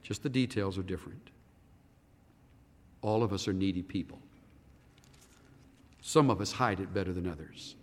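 A man preaching a sermon as a pastor, animated and firing rhetorical questions at the congregation. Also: deep voice, moderate pace, long pauses. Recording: reverberant hall.

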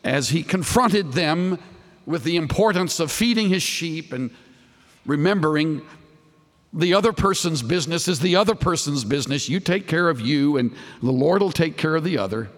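Speaking in a large hall, a man gives an expressive sermon at normal speed. He is earnest and searching, asking listeners rhetorical questions and dipping low on the tag questions.

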